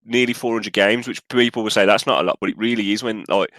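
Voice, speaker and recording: Rambling, animated young man, dry close mic. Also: fairly low pitch, fast, no echo. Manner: animated, rambling, voice jumps up when excited. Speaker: podcast co-host. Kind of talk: casual chat.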